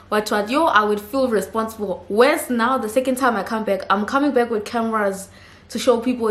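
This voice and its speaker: A woman giving a chatty, expressive recap of a reality TV episode, laughing readily as she talks. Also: on the high side, normal speed, echoey room. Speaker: reality TV reviewer.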